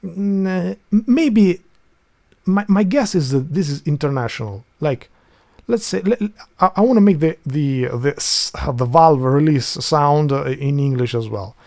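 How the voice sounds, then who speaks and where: Gravelly Albanian-accented man streaming. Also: fairly high pitch, expressive, unhurried, a little mellow. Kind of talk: casual livestream chat.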